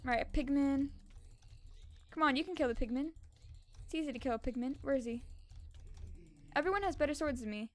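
A young woman giving casual, excitable commentary on her own gameplay and repeating words fast when tense. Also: sits high. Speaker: gaming channel host.

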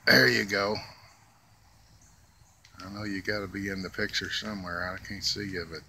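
A man's voice: on the low side, steady tone, normal speed, gravelly, pauses often, sharp tone. A man, talking outdoors in a casual, folksy way and coaxing squirrels with sweet, drawling words. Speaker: vlogger feeding squirrels. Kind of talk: casual running talk to animals. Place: outdoors in a yard. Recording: faint outdoor noise.

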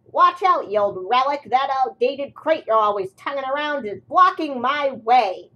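A woman's voice: medium pitch, animated, a little slow, slightly rough, muffled recording. A woman voicing a grumpy, vain male steam engine in a storybook tale, snippy and haughty. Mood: shouting rudely.

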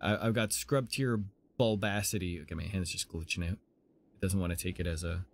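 A man, a game streamer in casual live-stream chat, gushing and excitable, with faint music behind him. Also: low voice, moderate pace, gravelly. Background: faint anime music.

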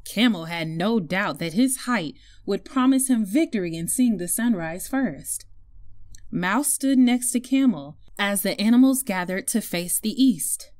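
A woman reading a children's story aloud to young listeners in an expressive storytelling voice. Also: medium pitch, measured pace. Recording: faint music behind.

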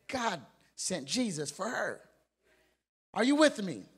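Male pastor, very high voice, emphatic sermon delivery with call-and-response. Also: sing-song, normal speed, a bit bright, breathy edge. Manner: emphatic preaching with call-and-response questions and repeated words; playful, acts out family members.

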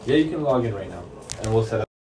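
A man's voice: on the low side, lively intonation, quick pace, reverberant, heavy background noise. A man working at a bank, patiently walking a customer through online banking setup, asking "okay?" often. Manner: patient, checks understanding with "okay?". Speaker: bank employee. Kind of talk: explaining account setup. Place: bank branch.

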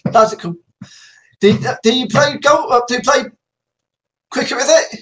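A man's voice: extremely high pitch, normal speed, bright, forceful tone. A man with a Suffolk accent chatting with strangers on a video call, teasing and laughing often, repeating his greetings in a mock police tone. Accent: Suffolk English. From Suffolk, England. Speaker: YouTuber on video chat. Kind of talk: playful video chat with strangers.

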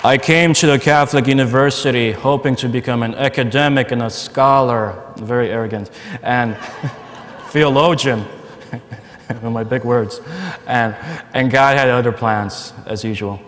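A man of middle pitch tells his personal story to a conference crowd, lively and quick to laugh. His voice rings out in a large hall with a long tail of reverb, and a faint hiss sits under it. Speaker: conference speaker. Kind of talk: personal testimony talk.

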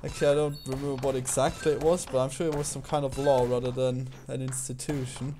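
A man's voice: mid-range voice, flat delivery, fast talker, dark tone, slight background noise. Man, casual gaming banter, dry, mock-exasperated corrections, headset mic. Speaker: gaming co-host.

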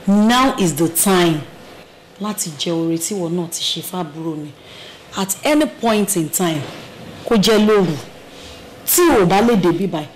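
A woman's voice: lowish voice, a little mellow, slight background noise, lightly acted, poor audio. A Nigerian woman playing a kind, motherly older sister who consoles a young man, speaking Yoruba with English phrases. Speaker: film character. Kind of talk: Nollywood film acting.

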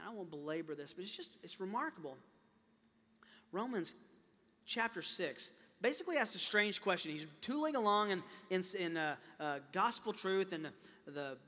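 A male pastor preaches in a high, bright, ringing voice. He is impassioned, often doubles back on his words and then climbs to loud, emphatic peaks. His voice carries the long reverb of a large sanctuary. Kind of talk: sermon.

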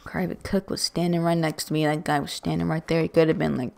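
A woman's voice: low-pitched, flat delivery, quick pace, gravelly, darkish tone. A woman giving chatty, rambling let's-play commentary with self-mocking jokes, into a USB desk microphone. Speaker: gaming video creator.

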